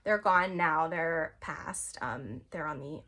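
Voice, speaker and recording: Chatty woman with animated, rambling delivery. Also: low voice, takes it slowly. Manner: chatty and animated, drops to near-whispers when acting out voices. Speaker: spiritual vlogger. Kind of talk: casual rambling monologue to camera.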